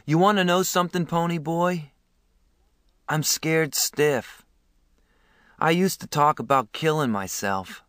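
A man's voice: a little high, slow, long pauses, a bit bright, clean tone, no room sound, clean studio sound, voice pushed up. Man voicing a frightened injured teenage boy. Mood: scared. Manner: shaky, pleading, breaking voice. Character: scared teenage boy, gravely hurt.

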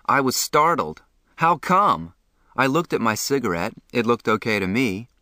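A man narrating a novel in the first person, reading in a measured, plain way. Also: medium pitch, animated, bright, forceful tone, dry recording, clean studio sound. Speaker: audiobook narrator.

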